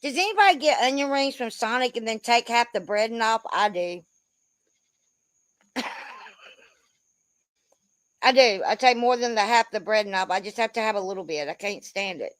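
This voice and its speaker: Higher-voiced chatty woman streamer. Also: normal speed, pauses often, dry recording. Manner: chatty, swears casually. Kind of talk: casual livestream chat.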